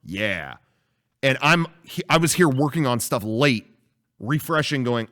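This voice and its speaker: Animated rambling podcast storyteller man. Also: mid-range voice, unhurried. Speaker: podcast co-host. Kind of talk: casual podcast chat.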